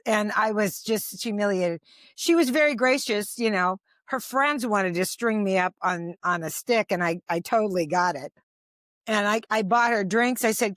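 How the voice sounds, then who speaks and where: An older woman comedian spins anecdotes with animated, self-deprecating energy. Her voice sits at a middle pitch and sounds close and dry. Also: normal speed, dry recording. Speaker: comedian guest. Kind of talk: conversational storytelling.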